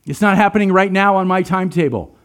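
A man's voice: sits high, quick pace, a bit bright, smooth. A man preaching a sermon, earnest and emphatic, asking his listeners rhetorical questions. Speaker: pastor.

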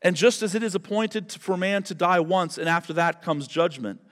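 A man's voice: high-pitched, fairly even intonation, normal speed, a bit bright, big-room sound. A man preaching a verse-by-verse sermon as pastor, talking in a conversational, emphatic way and repeating words for stress. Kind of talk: expository sermon.

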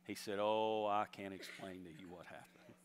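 A man's voice: lowish voice, steady tone, normal speed, long reverb tail, a little hiss or hum. A man preaching a sermon, telling a story and urging his congregation on with rising emphasis. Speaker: pastor.

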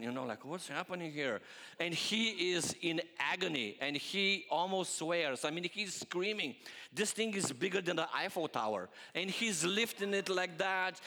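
A male pastor preaching a sermon, animated and full of rhetorical questions aimed at the congregation. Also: a little high, long reverb tail.

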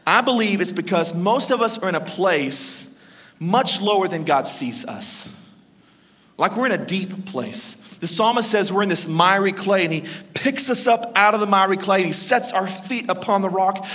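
A man preaching a sermon as pastor, emphatic and storytelling, with dramatic pauses and acted quotes. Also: high-pitched, expressive, fairly bright tone. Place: church. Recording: reverberant church hall.

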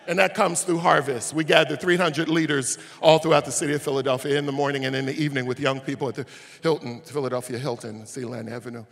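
A male pastor preaching a sermon, telling stories and rising to shouts at the peaks. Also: fairly high pitch, fairly quick. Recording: long hall reverb.

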